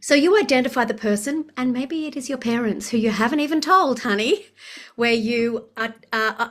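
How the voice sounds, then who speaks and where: A woman coaching a client in a gentle, measured way, calling her honey. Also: fairly high pitch. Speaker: life coach. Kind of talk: coaching session.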